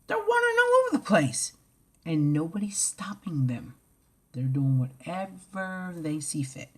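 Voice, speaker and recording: A woman with a low, husky voice rants to camera in a vlog, blunt and profane. Her pitch leaps widely, and she swings from loud outbursts to low mutters. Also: very animated, measured pace. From United States. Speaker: vlogger. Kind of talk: ranting to camera.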